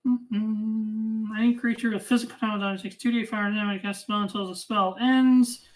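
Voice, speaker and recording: A woman running a tabletop game as game master, narrating the action and reading out rules in a casual, quick way. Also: mid-range voice, fairly even intonation, poor audio.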